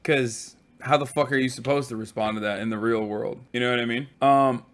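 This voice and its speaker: A man livestreaming from a hotel room, telling stories in a casual, profane, animated way. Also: mid-range voice, brisk, few pauses. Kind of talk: casual stream chat.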